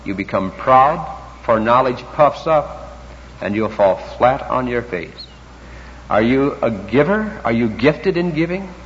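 A man preaching a sermon, reading scripture in King James wording and swinging between loud emphasis and quiet intensity. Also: medium pitch, expressive, takes it slowly, a little hiss or hum. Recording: dull lo-fi recording, long hall reverb.

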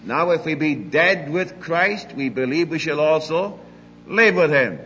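An older man preaching a sermon, emphatic, moving between loud declarations and quiet asides. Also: a little high, animated, unhurried, big-room sound, highs cut off, slight background noise.

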